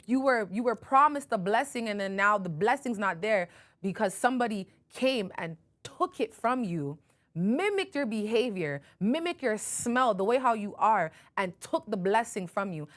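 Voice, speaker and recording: A woman's voice: mid-range voice, lively intonation, normal speed. Casual woman host retelling a Bible story. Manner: conversational, self-correcting, emphatic. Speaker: podcast host.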